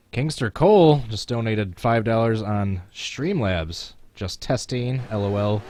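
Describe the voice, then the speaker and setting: Man, low voice, racing game streamer, chatty, chuckling, talking to chat. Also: animated, measured pace, darkish tone, a little hiss or hum. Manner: chatty, chuckling, talks to chat while playing. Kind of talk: casual live-stream gameplay commentary.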